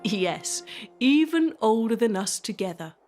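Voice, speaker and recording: Kindly father rabbit in a storybook cartoon, unhurried and gentle; a woman voices him. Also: a little high, big pitch swings, soft background music.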